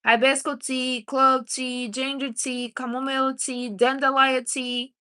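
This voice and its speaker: Bright-voiced woman giving blunt advice. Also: high-pitched, little pitch movement, measured pace. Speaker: livestream host. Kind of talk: casual livestream chat.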